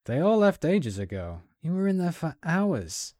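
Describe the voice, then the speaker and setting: A man's voice: fairly high pitch, sing-song, unhurried, mellow, dry recording, clean studio sound, voice pushed up. A man voicing a big, injured male mech pilot who is withdrawn and speaks curtly and coldly. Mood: wry. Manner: curt, cold.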